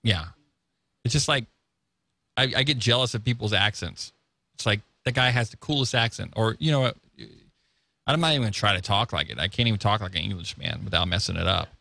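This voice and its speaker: A man's voice: on the low side, fairly quick, creaky, no room sound. A man hosting a casual talk show, joking and telling stories with animation. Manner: jokey, animated storytelling. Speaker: show host. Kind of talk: casual radio-style talk show chat.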